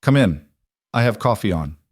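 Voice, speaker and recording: Speaking at a moderate pace in a fairly low, animated voice, a man plays a proud, firm widow in mourning. Her tone is hurt yet resolute as she shouts, first pleading, then defiant, captured in clean studio sound without echo.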